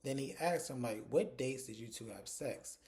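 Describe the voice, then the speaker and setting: A man's voice: medium pitch, moderate pace, darkish tone. A man giving a casual, chatty recap of a TV episode, stringing the events together with "and so" and "like". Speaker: TV episode reviewer.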